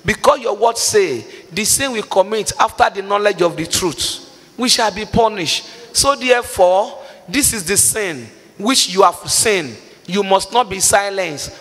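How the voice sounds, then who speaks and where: A man's voice: high voice, expressive, a little slow, a bit bright, in a large hall. A man preaching a fervent sermon, reading scripture aloud and crying out pleading prayers that slide into a half-sung chant. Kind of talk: impassioned sermon with Bible reading.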